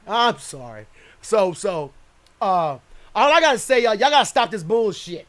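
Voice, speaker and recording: A high-voiced man hosting a radio talk show, his pitch leaping up and down as he rants. He swears freely, laughs often and sometimes shouts. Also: unhurried. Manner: animated, profane, frequently laughing, shouts at times. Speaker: internet radio show host. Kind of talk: loud ranting radio talk.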